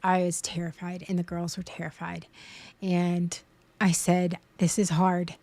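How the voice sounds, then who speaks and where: A woman's voice: fairly low pitch, completely flat delivery, unhurried, mellow. A woman in her thirties, streaming and talking earnestly and openly, a parent speaking in a vulnerable way about fear. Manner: earnest, vulnerable, tearful at times. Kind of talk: emotional casual chat.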